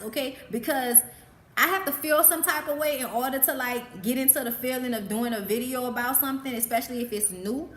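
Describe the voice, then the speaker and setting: Frank, profane New Orleans woman hosting a live Q&A, slightly high voice, roomy echo. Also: a bit bright. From New Orleans, USA. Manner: frank, blunt and profane, laughs often. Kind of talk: casual chat.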